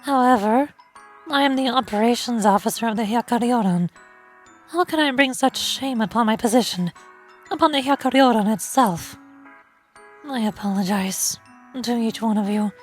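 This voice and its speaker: A woman's voice: a little high, moderate pace, faint music behind, close to an everyday voice. A woman voicing a proud, formal girl officer who is afraid of water, speaking stiffly and remorsefully. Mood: solemn.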